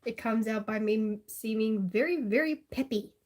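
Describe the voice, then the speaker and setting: A woman's voice: fairly high pitch, moderate pace, a little mellow. A woman with an Australian accent chatting casually and sarcastically on a live stream, laughing often.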